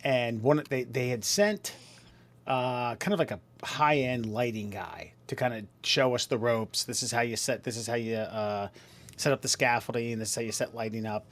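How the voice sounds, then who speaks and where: A man's voice: mid-range voice, moderate pace. A man co-hosting a podcast, telling work stories in a playful way and acting out the people in them. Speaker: podcast co-host. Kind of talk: casual chat, storytelling.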